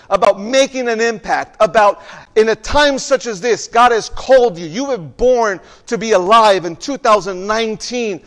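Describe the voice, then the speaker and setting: Male pastor, high-pitched, preaching, halting restarts and repeated words. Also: big-room sound. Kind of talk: sermon.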